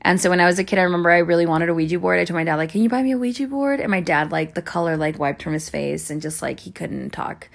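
Woman, low voice with vocal fry, rambly and foul-mouthed, casual spoken chat to listeners. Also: flat delivery. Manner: rambling, full of likes and ums, swears often; apologetic, talks fast in bursts. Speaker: audio creator talking to listeners.

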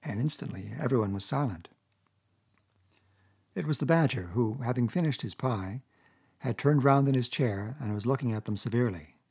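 A man narrating a classic children's story aloud in a steady reading voice. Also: medium pitch, normal speed, long pauses, slightly rough.

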